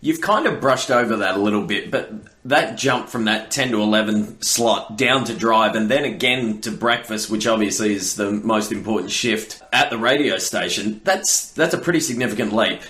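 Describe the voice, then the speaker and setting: A man's voice: lowish voice, moderate pace, a bit bright, reverberant. A man hosting a podcast, asking short questions and prompting his guest to keep talking. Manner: brief encouraging interviewer questions. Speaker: podcast host. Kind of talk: casual interview.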